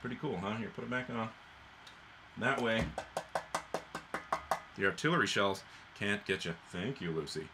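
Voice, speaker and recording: A man explaining history while he draws, in an animated and playful way, with sudden jumps in pitch and sound effects. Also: moderate pace, pauses often, a little hiss or hum. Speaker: author and illustrator explaining history. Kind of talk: illustrated history talk while drawing.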